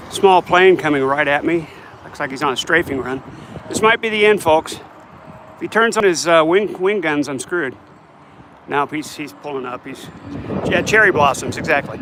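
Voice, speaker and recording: A man's voice: fairly high pitch, bright, forceful tone, a little hiss or hum. An older man chatting casually and joking at himself as he walks outdoors on a city street, talking into a phone. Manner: joking, self-mocking rambling. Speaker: vlogger. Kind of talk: casual walking vlog chat. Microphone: phone held while walking.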